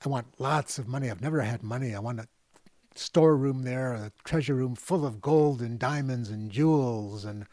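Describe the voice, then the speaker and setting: A man voicing a greedy, eager poor man rattling off his wishes excitedly. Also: mid-range voice, moderate pace, dry recording, studio quality, close to an everyday voice. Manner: excited, eager, tumbling wish lists.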